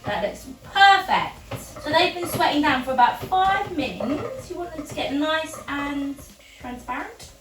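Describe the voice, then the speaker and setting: A woman's voice: high voice, sing-song, a little slow, fairly bright tone, roomy sound, far from the mic, soft background music. An English woman hosting a casual home cooking video, chatty and jokey, talking through each step in her kitchen. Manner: chatty, jokey, breaks into silly singing.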